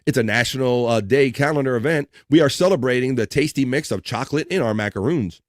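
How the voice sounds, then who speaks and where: A man's voice: mid-range voice, quick pace, dry recording, clean studio sound. Rambling man hosting a live stream. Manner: rambling, joking, swears casually. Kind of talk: casual chat reading viewer comments.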